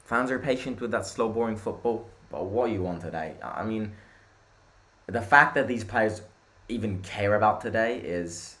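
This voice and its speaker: A young Italian man hosting a live football watchalong, chatting with viewers and reacting loudly to the play. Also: fairly low pitch, moderate pace. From Italy. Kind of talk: live match watchalong commentary.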